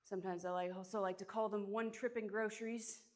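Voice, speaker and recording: A woman's voice: mid-range voice, steady tone, fairly quick, darkish tone. A young woman streaming her workout, out of breath, chatting casually and greeting viewers by name between exercises. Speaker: fitness streamer.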